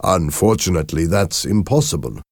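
A man doing a steady, measured uncle who speaks with quiet authority. The voice sits low and moves lively across its range in a dry, close recording. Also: vocal fry, no room sound, exaggerated voice. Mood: firm. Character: calm, steady older uncle, wildlife officer.

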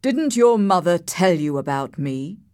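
A woman's voice: lowish voice, big pitch swings, a little slow, a little mellow, clear, resonant tone, no echo. A woman voicing a harsh, scheming male landowner in an audiobook, speaking in a commanding, cold and sarcastic way. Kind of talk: audiobook character reading.

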